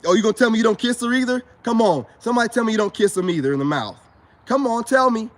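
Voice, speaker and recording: A self-styled spiritual advice vlogger with a high, expressive voice speaks at a quick pace. In a casual monologue to camera, he is boastful and preachy, addressing his viewers directly as brothers and repeating his points.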